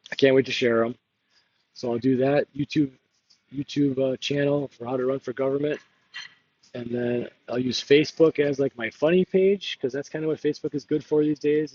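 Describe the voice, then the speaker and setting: A man's voice: mid-range voice, steady tone, moderate pace, darkish tone, dry recording, muffled recording. A man talking candidly in a rambling confessional monologue, laughing often and drifting between topics. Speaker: political candidate.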